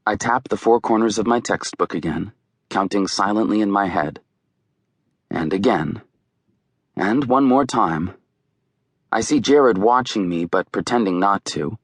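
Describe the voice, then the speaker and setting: A man's voice: fairly low pitch, a little slow, long pauses, no room sound. A man narrating an audiobook in a wry, conversational storytelling way. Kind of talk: scripted narration.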